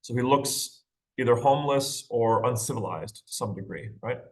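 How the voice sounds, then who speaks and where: A man's voice: medium pitch, normal speed, a little mellow. A male literature teacher giving a casual recorded lecture, checking in with rhetorical questions and light laughs. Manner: conversational, checks in with "right?" and "okay?". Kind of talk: recorded lecture on a short story.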